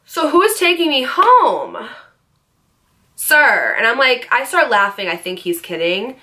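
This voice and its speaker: A woman vlogger telling a personal story in a chatty, animated way, with lots of fillers and asides. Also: on the high side, a little slow. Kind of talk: storytime vlog.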